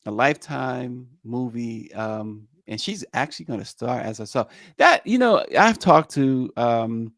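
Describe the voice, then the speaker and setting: Man, news show host, chatty, middle pitch, dry close studio sound. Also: no room sound. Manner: chatty, many fillers and restarts. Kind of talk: news talk and casual commentary.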